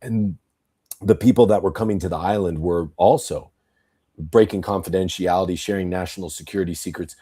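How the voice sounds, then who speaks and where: Man, low husky voice, blunt profane podcast ranter who acts out quotes. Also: fairly even intonation, fairly quick, mellow. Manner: blunt, profane, rambling political rant; tells stories with acted quotes. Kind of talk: casual podcast talk.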